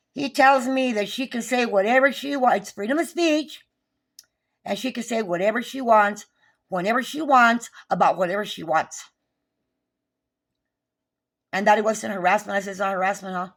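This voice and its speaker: A woman's voice: mid-range voice, normal speed, long pauses. A woman, recounting a neighbor dispute in an agitated, profane, repetitive rant. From New Mexico. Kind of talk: angry recounting vlog.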